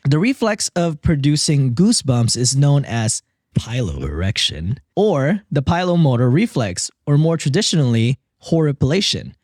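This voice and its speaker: A man's voice: mid-range voice, sing-song, moderate pace, a little mellow, dry recording, clean studio sound. A man hosting a casual podcast, reading facts aloud and joking about them between quotes. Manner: joking, reads quotes then riffs on them. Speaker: podcast host.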